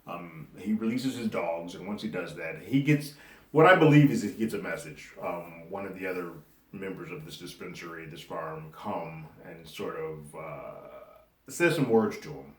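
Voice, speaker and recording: Man, deep voice, casual TV episode recap, relaxed and chatty, roomy echoey room. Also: moderate pace. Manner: loose and conversational, chuckles while recapping. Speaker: movie and TV reviewer. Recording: roomy echo.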